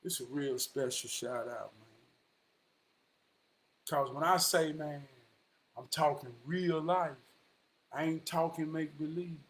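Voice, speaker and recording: Man, Southern US accent, high voice, unhurried, motivational shout-outs, preachy, repeats lines, soft to loud swings. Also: fairly even intonation, rough recording. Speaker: motivational vlogger.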